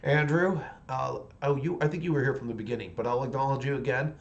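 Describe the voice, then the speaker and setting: A man's voice: mid-range voice, fairly even intonation, fast talker, creaky, muffled recording. Rambling, chatty man streaming his hobby. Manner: rambling and chatty, with many restarts. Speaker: livestreamer painting miniatures. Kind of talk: casual livestream chat.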